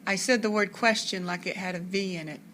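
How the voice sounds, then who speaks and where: A woman's voice: on the low side, slight background noise. Woman reading a children's novel aloud. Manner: even, unhurried first-person narration. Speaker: audiobook reader.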